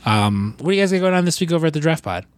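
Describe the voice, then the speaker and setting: A man's voice: on the high side, big pitch swings, dry recording. Man, podcast host, casual profane banter, dead-dry sound. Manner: profane, rambling, quick impressions.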